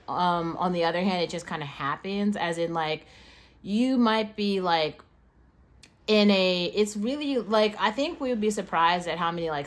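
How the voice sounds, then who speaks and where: Young woman host with hiccups, low-pitched for a woman, rambling casual delivery heavy on fillers and swearing. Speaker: podcast host. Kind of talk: casual monologue.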